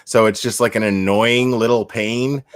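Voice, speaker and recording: A man chatting casually on a podcast, an animated storyteller who laughs often and swears freely. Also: mid-range voice, moderate pace, no echo. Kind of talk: casual chat.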